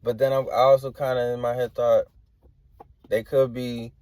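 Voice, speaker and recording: A man reading tarot cards in an easygoing, rambling way, full of slang and hedges. His voice sits at an ordinary middle pitch. The sound is dry and close, with no room echo. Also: level tone, normal speed, a little mellow. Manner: rambling and hedging, slangy filler talk. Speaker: tarot reader.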